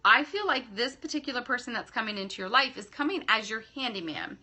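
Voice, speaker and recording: A woman with a bright, forward voice reads for her live-stream viewers as a psychic medium. She is effusive, laughs often and calls people darling and love. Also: a little high, expressive, fast. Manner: laughs often between readings.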